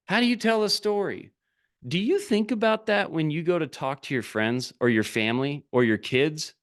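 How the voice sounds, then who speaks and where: A business coach talks straight to camera in a lively, animated voice that sits a little high for a man. He urges his viewers on and keeps asking rhetorical questions. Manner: animated, urging, asks many rhetorical questions. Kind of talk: direct-to-camera coaching talk.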